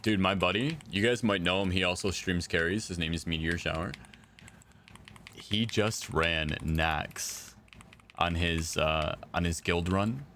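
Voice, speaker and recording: A man's voice: low-pitched, unhurried, sharp tone, a little hiss or hum. A young man chatting casually with viewers while he plays, laid-back and slangy. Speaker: game streamer. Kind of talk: casual live-stream chat.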